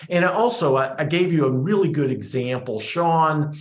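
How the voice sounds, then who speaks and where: A man's voice: fairly high pitch, normal speed. A man presenting a workshop, answering audience questions in a conversational way and often repeating words as he rethinks. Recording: roomy, dull lo-fi sound.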